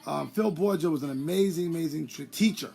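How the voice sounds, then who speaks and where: Gravelly New man chatting live. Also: a little high, fast, faint music behind. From New York. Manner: animated, rambling, greets viewers by name. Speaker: former boxer hosting a live stream. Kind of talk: casual live-stream chat.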